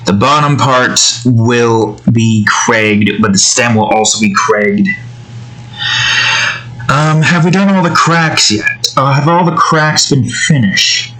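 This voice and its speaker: A man's voice: mid-range voice, slow pace, bright, forceful tone, poor audio. A young man casually narrating as he draws, rambling and muttering to himself. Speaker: digital artist. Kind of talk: casual narration while drawing.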